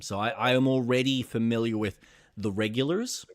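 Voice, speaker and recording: A man's voice: medium pitch, moderate pace, no echo, studio quality. A young man co-hosting a casual chat stream, swearing freely and acting out the people in his stories. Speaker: podcast co-host.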